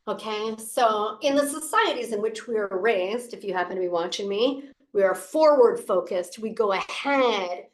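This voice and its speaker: A woman leadership coach giving an expressive, playful motivational talk to camera. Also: mid-range voice, normal speed, few pauses, echoey room. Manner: expressive, playful, with gasps and laughs.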